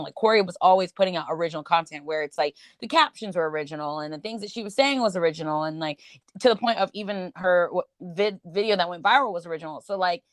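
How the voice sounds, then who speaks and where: A woman's voice: fairly low pitch, fast, no echo. Brief: woman co-host, self-mocking storyteller, dry close mic. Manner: self-mocking, lively storyteller, swears when joking. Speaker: podcast co-host. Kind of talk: casual chat.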